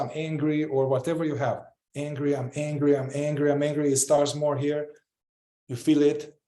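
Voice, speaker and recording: A man's voice: a little high, mellow, roomy sound. A man teaching a group in a casual, reflective way, often repeating short phrases as he demonstrates a practice. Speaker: group facilitator.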